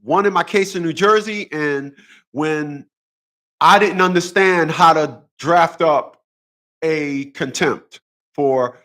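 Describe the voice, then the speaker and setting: A channel host with a slightly high, bright voice talks slowly through a casual monologue about boxing. He is blunt, combative, and profane, hammering phrases over and over for emphasis.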